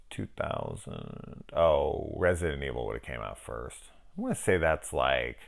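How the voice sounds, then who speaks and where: A man in his forties talking casually and enthusiastically about a movie, rambling, restarting and swearing as he goes. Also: a bass voice. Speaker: film reviewer. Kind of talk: casual review monologue.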